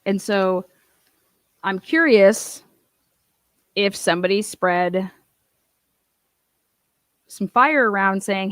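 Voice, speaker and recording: A woman's voice: medium pitch, extremely slow, long pauses, dry recording. Woman host, mid-range voice, fired-up casual commentary, dry close sound. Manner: emphatic, indignant, with frequent fillers and asides. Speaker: true-crime advocate host.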